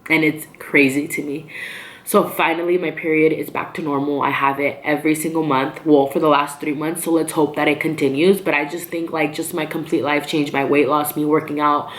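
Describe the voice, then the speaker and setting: Low-voiced woman chatting to her camera, lots of ums and likes, echoey room. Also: flat delivery, brisk. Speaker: vlogger. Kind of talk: casual personal vlog.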